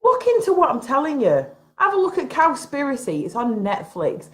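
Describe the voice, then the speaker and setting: A woman's voice: sits high, wildly swooping pitch, normal speed. A woman vlogger at home giving a frustrated, emphatic rant to camera, repeating her points. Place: at home, having just got out of bed.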